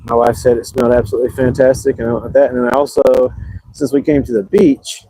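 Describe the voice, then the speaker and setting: A man's voice: mid-range voice, level tone, fast talker, warm tone, slight background noise, low-quality recording. A man chatting casually and rambling on a livestream from a beach, poking fun at himself. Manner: chatty, rambling and self-deprecating. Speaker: livestream host. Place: outdoors at an ocean beach.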